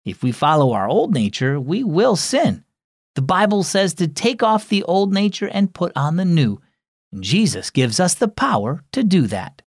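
Storybook mom, patient and soothing, gently explains, lively tone, as a male narrator does her. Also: high-pitched, a little slow, no echo, studio quality, voice pushed up, full character voice. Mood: gentle. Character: gentle, patient Christian mother.

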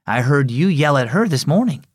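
A man's voice: fairly high pitch, big pitch swings, normal speed, slightly rough, no room sound, studio quality. A man voicing a kind mother in a storybook tale, speaking in a lightly raised, caring tone.

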